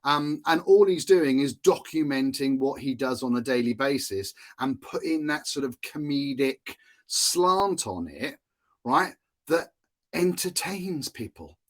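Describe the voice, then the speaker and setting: A man's voice: medium pitch, lively intonation, unhurried. A man from Wales teaching in a chatty, casual way, often checking in with his listeners. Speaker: course instructor.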